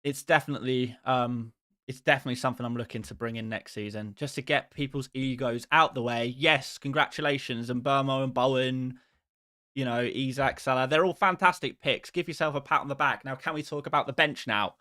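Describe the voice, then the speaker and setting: A man's voice: mid-range voice, brisk, bright, forceful tone, dry recording, clean studio sound. A man hosting a live stream who chats casually with his viewers in a rambling, exasperated and self-mocking way.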